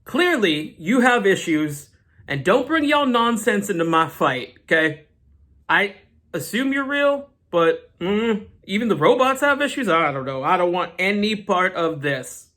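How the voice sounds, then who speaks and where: A man's voice: sits high, big pitch swings, unhurried, pushed and bright, heavily acted. A man voicing an exasperated young male superhero team leader with a fed-up, dismissive manner.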